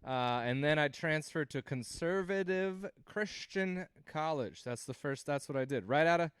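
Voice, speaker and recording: Man, thirties, stand-up comic, rambling, self-mocking, smooth clear voice, dry close sound. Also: on the high side, animated, normal speed, no room sound. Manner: self-deprecating, rambling, laughs at own jokes. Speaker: stand-up comedian hosting a livestream. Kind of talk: stand-up set on a livestream.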